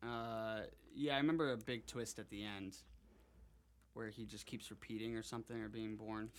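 A man's voice: on the low side, steady tone, normal speed, a little hiss or hum. A man co-hosting a podcast, chatting casually and answering in short, laid-back replies. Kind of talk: casual chat.

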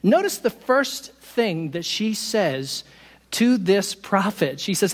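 A man preaching a sermon to his congregation, animated and quick to poke fun at himself with laughing asides. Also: high-pitched, long reverb tail. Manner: animated, self-deprecating humor, laughs at own stories. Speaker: pastor. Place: church sanctuary.

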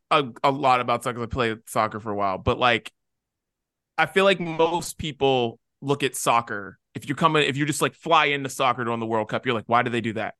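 A man co-hosting a casual podcast, talking animatedly and acting out imagined people in quick asides. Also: mid-range voice, bright, forceful tone, no echo, clean studio sound. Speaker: podcast co-host.

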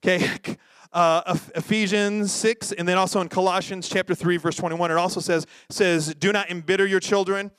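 A man preaching a sermon in a lively, joking way, often acting out quoted voices. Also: sits high, moderate pace, clean tone, no echo, clean studio sound. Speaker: pastor.

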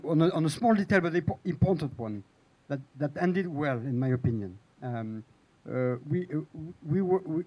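Male screenwriter, panel guest, slightly high voice, stumbling and restarting as he talks. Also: a little mellow, rough recording. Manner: halting, many restarts and fillers. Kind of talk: hesitant panel talk.

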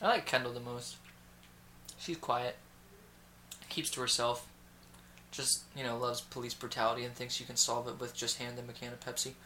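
A man's voice: mid-range voice, moderate pace, pauses often, a little hiss or hum. A man co-hosting a casual podcast, animatedly retelling a reality show with lots of swearing. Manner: ranting, profane, animated storytelling. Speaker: podcast co-host. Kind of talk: casual chat.

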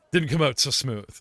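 A man's voice: medium pitch, fairly bright tone, no echo. A man running a tabletop game as game master, joking with players and narrating scenes. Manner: jokey, puts on many character voices.

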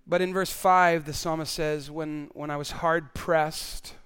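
A man's voice: a little high, fairly even intonation, unhurried, a bit bright, clear, resonant tone. A male pastor preaching a sermon in an earnest way, often repeating words as he stresses a point.

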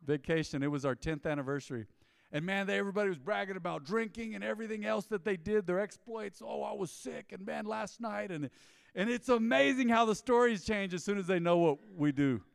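A man preaches a loose, conversational sermon, slipping into quick impressions of the people in his stories. His voice sits a little high for a man. The close mic keeps it dry, yet a long hall reverb trails after each phrase. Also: creaky, clear, resonant tone. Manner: animated storytelling, mimicking people in quoted asides. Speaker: pastor. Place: church.

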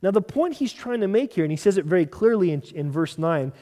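A male pastor preaching a sermon in an earnest manner, repeating key phrases and dropping to soft emphasis. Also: high voice, lively intonation, brisk, big-room sound.

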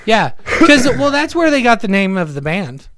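A man co-hosting a podcast in casual chat, halting and chuckling as he talks. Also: high voice, sing-song, a bit bright, no room sound, studio quality. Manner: halting, restarts sentences, chuckles. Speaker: podcast co-host.

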